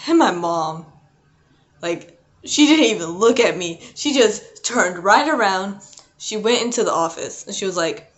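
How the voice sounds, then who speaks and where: A woman's voice: mid-range voice, animated, unhurried. A young adult woman vlogging a casual storytime, rambling and chatty with lots of "like" and "um". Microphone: not her usual mic.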